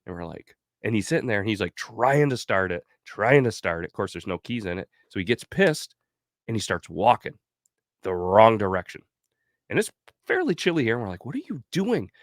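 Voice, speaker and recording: A man hosting a casual podcast, with a lowish voice and a dry, close sound. He rambles through drunken anecdotes, restarting sentences and swearing as he goes. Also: big pitch swings, brisk, dry recording. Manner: rambling, profane anecdote-telling. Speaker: podcast host.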